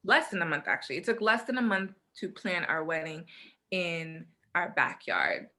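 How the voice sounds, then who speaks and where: A young woman co-hosting a podcast tells a story during casual chat, animatedly acting out what people said. Her voice is fairly low-pitched and moves at a moderate pace.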